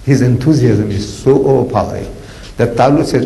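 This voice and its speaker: A man giving a lively storytelling lecture as an Islamic preacher, chatty with many asides. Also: mid-range voice, moderate pace, gravelly, rough recording. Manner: animated, conversational, with frequent "you know" asides and acted voices.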